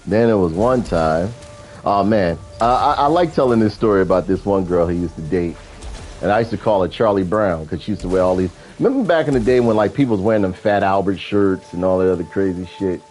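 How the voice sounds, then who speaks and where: A man hosting a gaming video, telling stories in a casual, animated, profane way. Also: fairly low pitch. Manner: animated, profane, chuckling storyteller. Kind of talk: casual storytelling during gameplay.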